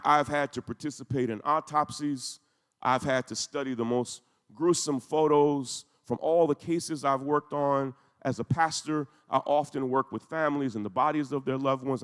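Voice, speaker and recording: A man's voice: fairly high pitch, fairly bright tone. A man giving an emotional, intense talk, telling a story with rising emphasis. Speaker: speaker. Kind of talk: emotional speech to a congregation. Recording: echoey hall.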